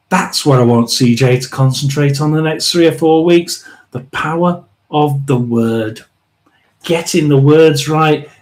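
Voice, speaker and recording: A man hosting a live tarot reading, rambling and emphatic, often restarting and clearing his throat. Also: a little high, darkish tone, low-quality recording. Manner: chatty and emphatic, drawn-out stresses. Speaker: tarot reader and live stream host.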